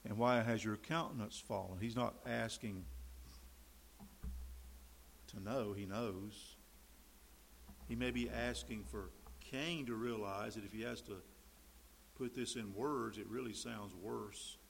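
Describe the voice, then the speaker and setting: A man preaching a sermon, emphatic, swinging between loud stresses and quiet mimicked asides. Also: lowish voice, fairly even intonation, takes it slowly, vocal fry, pauses often, a little hiss or hum, low-quality recording. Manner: emphatic, rising and dropping to mimic quoted voices.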